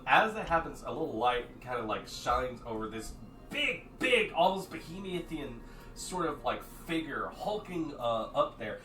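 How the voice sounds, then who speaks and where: Animated man running a tabletop game. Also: mid-range voice. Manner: animated, jumps into shouted character voices. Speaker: game master. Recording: echoey room from far off, faint noise.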